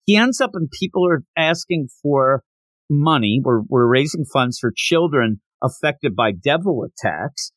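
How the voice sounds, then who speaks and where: A man hosting a podcast, chatting casually about a manga chapter and acting out the characters' lines in quick bursts. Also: medium pitch, animated, a bit bright, dry recording. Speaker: podcast host.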